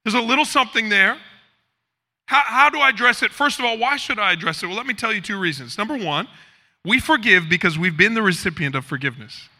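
A man preaching a sermon as pastor, animated and acting out the quoted figures. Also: high voice, fast talker. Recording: hall reverb.

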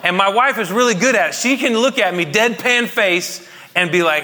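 A man's voice: high-pitched, moderate pace, sharp tone, some chatter behind. A man in his thirties preaching a conversational, jokey sermon to his congregation, often asking them questions. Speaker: pastor. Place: church hall. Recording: long reverb of a hall.

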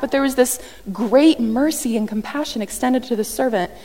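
A woman preaching a sermon in a lively, conversational way, often acting out what people said. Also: sits high, quick pace, hardly any pauses. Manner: animated, conversational, acts out quotes. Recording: long reverb from a large hall.

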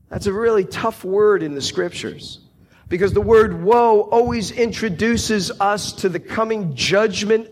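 Slow, high-voiced male preacher. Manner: slow, deliberate preaching with emphatic quoted cries. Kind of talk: sermon.

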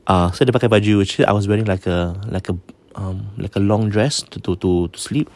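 A man with a Singaporean English accent casually retelling a ghost story, mixing in Malay and often restarting his sentences, going quiet at the eerie parts. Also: lowish voice, quick pace, dry recording. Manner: drops to a hush for eerie parts.

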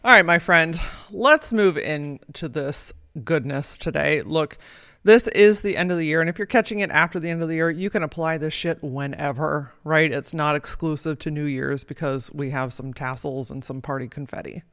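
A woman's voice: low voice, normal speed, a bit bright, dry recording, studio quality. A woman hosting a motivational podcast as a life coach, talking casually and emphatically with plenty of swearing.

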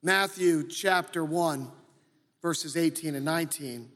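A man preaching a sermon, slow and earnest, sometimes acting out quoted voices. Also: sits high, bright, forceful tone, in a large hall. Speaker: pastor.

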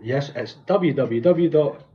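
A young Scottish man co-hosting a podcast, telling stories and making absurd, deadpan jokes. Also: medium pitch, slow, dull audio, background noise. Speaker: podcast co-host. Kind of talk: casual comedic storytelling.

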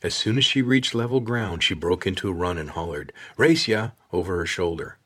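A man narrating an audiobook in a steady, measured storytelling voice. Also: low voice, breathy edge.

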